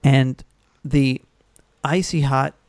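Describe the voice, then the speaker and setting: A man's voice: medium pitch, steady tone, drawn-out words, no room sound, clean studio sound. A man telling rambling stories in casual chat, full of fillers and restarts.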